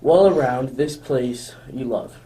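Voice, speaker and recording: A man's voice: mid-range voice, slow, warm tone, far from the mic, natural voice, low-quality recording. A man playing an anxious royal huntsman, torn between duty and guilt, in a radio drama. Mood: urgent, pleading. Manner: anxious and pleading.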